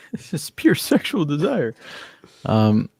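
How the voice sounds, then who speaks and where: A man co-hosting a call-in show, talking in a lively, swooping way and laughing easily. His voice is close and dry, with no room sound around it. He acts out little scenes as he tells them. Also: on the high side, takes it slowly, gravelly, husky, dry recording. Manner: animated, laughs often, acts out bits. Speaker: podcast co-host. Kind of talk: casual call-in show chat.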